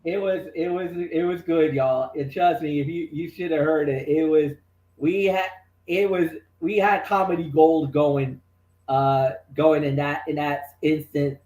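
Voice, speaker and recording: A man co-hosting a wrestling talk show, excitable and rambling, with lots of restarts. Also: on the high side, measured pace, roomy sound. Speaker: wrestling podcast co-host. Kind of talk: casual chat.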